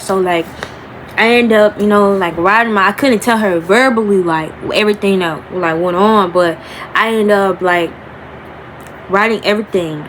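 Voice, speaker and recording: A young woman tells a painful story from her past straight to her viewers, rambling and emotional, slowing right down to stress the words that matter. Her voice sits in the middle of the range. A faint hiss of noise runs underneath. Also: mid-range voice, low-quality recording. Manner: emotional, rambling, addresses viewers as y'all, slows and rises on emphasis. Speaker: vlogger. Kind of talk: storytime vlog talking to camera.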